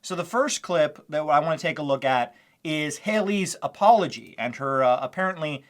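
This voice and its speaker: A man's voice: fairly high pitch, normal speed, a bit bright. A male commentary host who talks over video clips, mocking and sarcastic, with small laughs between his points.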